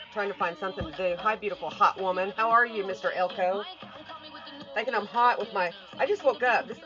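A woman with a slightly low voice chats casually on a morning livestream from home. She rambles, greets viewers and swears in passing. The phone audio is dull and lo-fi. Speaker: artist livestreaming.

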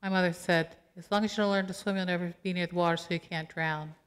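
A woman pastor giving a conversational sermon, animated and playful, acting out quotes with asides to the congregation. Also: fairly low pitch, fast, clean tone. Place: church sanctuary. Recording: long church hall reverb.

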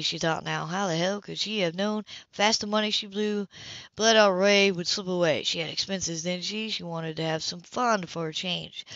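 A woman reading a novel aloud in a plain, steady narrating voice. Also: on the low side, no echo, dull audio. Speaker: audiobook reader.

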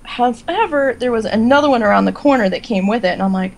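A woman's voice: a little high, quick pace, vocal fry, slight background noise. A woman, a guest on a chat podcast, telling stories with laughter and acting out what she thought. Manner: lively, laughing, acts out her own thoughts. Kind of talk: casual storytelling chat.

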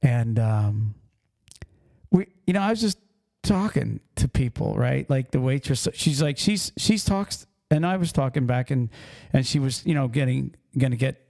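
Pennsylvania trucker host, gravelly and mellow, lively story-driven podcast chat. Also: male voice, mid-range voice, normal speed. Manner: animated storytelling, acts out accents.

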